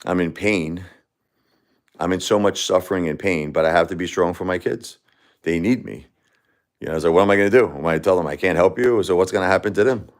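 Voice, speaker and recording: A man in his forties, grief-stricken, talking haltingly on a livestream as host and answering viewer comments. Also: low voice. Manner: halting and repetitive, many restarts and fillers.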